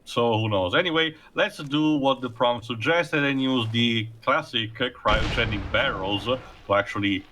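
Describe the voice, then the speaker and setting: A man's voice: medium pitch, normal speed, hardly any pauses, sharp tone, slight background noise. A man hosting a let's play, rambling through gameplay commentary with many fillers.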